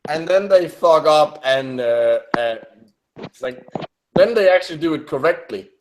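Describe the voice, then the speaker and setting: A man's voice: a little high, lively intonation, a little slow, slight background noise, rough recording. A young man chatting casually while commenting on a video, hesitant and full of restarts. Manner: hesitant, many restarts, laughs often.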